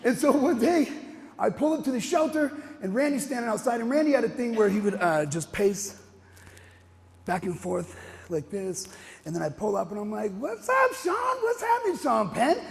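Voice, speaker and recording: An animated man tells a personal story in a rambling way, restarting his sentences and laughing between them. His voice runs high with a gravelly edge. It rings out with a long hall reverb. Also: normal speed, a little hiss or hum. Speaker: speaker telling a personal story.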